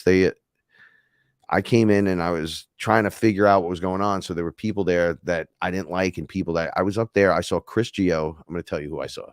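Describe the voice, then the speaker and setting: Deep-voiced man ranting profanely. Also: no room sound, studio quality. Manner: heated, profane and rambling. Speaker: podcast host. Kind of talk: casual livestream talk.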